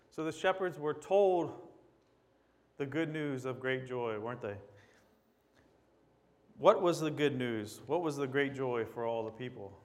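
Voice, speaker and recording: A man's voice: medium pitch, animated, a little slow, a little mellow. A man preaching a sermon in a church, reading scripture aloud and asking the congregation questions in a conversational way. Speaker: guest preacher. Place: church sanctuary. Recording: long hall reverb.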